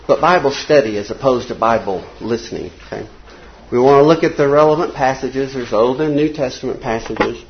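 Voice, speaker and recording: An older man, teaching a casual Bible class in a small church classroom, folksy and conversational, reading quotes slowly. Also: mid-range voice, vocal fry, highs cut off, slight background noise.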